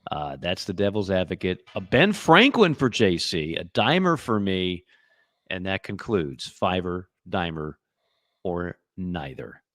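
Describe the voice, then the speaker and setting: A man's voice: low voice, very animated, unhurried, fairly bright tone, no room sound. A man co-hosting a casual sports podcast, telling movie stories with dry wisecracks. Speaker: podcast co-host.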